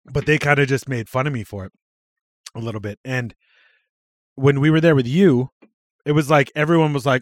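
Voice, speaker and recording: A man's voice: medium pitch, lively intonation, moderate pace, dry recording. Laid-back man, dry close sound. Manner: laid-back, rambling storytelling with laughs. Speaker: podcast co-host. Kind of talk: casual chat.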